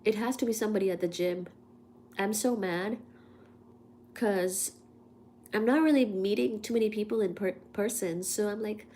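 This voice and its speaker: A woman with a medium-pitched, darkish voice hosts a casual livestream while congested with a cold. She talks at a moderate pace with frequent pauses, chatting and laughing at herself between coughs, over slight background noise.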